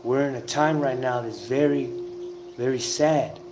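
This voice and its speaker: A man giving an informal spiritual talk, telling a story emphatically, with drawn-out pauses and the odd curse word. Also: medium pitch. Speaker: self-styled spiritual teacher. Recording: noisy ambient background.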